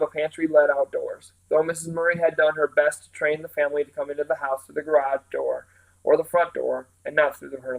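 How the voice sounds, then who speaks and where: A man reading a novel aloud, his voice pitched a little high. He tells the story at a steady, even pace. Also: gravelly, rough recording. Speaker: reader.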